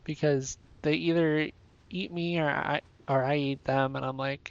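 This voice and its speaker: A man's voice: on the high side, fairly even intonation, measured pace, gravelly, lo-fi sound. A man casually commenting on his gameplay, playful and a bit sleepy, chatting to his viewers and the creatures on screen. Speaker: streamer.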